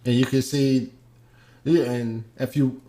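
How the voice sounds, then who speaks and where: Male host, casual unscripted commentary, halting delivery with frequent fillers and restarts. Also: medium pitch, steady tone, mellow. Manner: hesitant, many ums and restarts.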